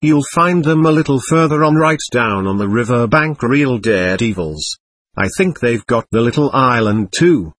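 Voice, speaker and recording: A man voicing a tired, sleep-deprived frontline soldier who grumbles offhandedly, with a husky voice. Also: medium pitch, lively intonation, normal speed, a bit bright, no echo. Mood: weary grumbling.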